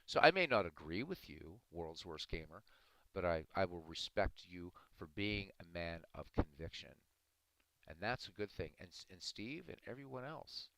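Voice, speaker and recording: Deep-voiced man arguing with his chat. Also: big pitch swings, moderate pace, sharp tone, no echo, rough recording. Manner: earnest, argumentative, addressing chat by name. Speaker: livestream host talking to chat. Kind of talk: casual live-stream commentary.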